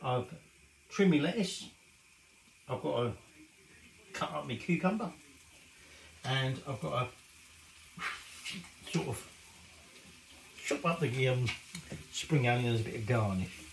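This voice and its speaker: A man's voice: medium pitch, lively intonation, slow pace, gravelly, long pauses, roomy sound, a little hiss or hum, poor audio. A middle-aged man, rambling casually and swearing mildly as he cooks in his home kitchen. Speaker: cooking show host. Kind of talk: casual cooking vlog chat.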